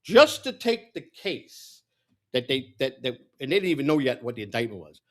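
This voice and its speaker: A man's voice: medium pitch, sing-song, normal speed, a bit bright. A middle-aged man telling personal stories in a candid, rambling way, acting out the voices of people he quotes. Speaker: political candidate. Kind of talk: casual storytelling monologue.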